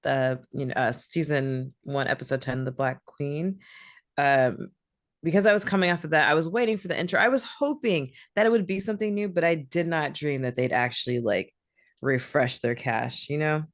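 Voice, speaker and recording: Woman, podcast co-host, casual animated chat, low voice, dry sound. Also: no echo. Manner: chatty, animated, quick to laugh.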